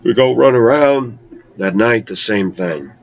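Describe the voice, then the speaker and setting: A man telling a personal travel story in a conversational way, slowing down to draw out key words. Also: medium pitch, lively intonation, gravelly. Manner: conversational, with slow, drawn-out emphasis. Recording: dull lo-fi recording.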